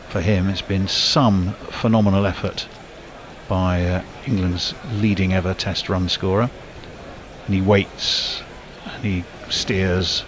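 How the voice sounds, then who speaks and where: A man giving ball-by-ball cricket commentary, measured and lifting on big shots, with faint background noise. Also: deep voice.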